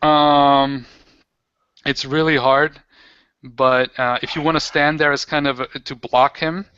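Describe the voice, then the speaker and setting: A man running a tabletop role-playing game as game master, who explains the rules haltingly with many fillers. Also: mid-range voice, steady tone, bright, forceful tone, clean tone, dry recording. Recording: dull lo-fi home recording.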